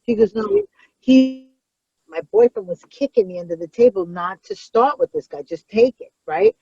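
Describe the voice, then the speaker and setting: A high-pitched woman comedian of middle age tells her stories bluntly and with plenty of swearing, her voice swooping all over. The sound is dry and a little dull, like a lo-fi podcast mic. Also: normal speed, gravelly, breathy edge, no room sound, faint music behind. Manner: blunt, profane, animated storyteller. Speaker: comedian guest. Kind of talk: storytelling in podcast chat.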